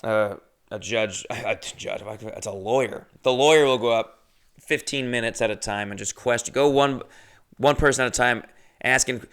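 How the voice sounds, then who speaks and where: A man tells a story in a casual, rambling way, swearing often and joking along. His voice is gravelly yet resonant and smooth. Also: medium pitch, moderate pace, fairly bright tone. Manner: profane, rambling and jokey. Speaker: podcast host telling a story.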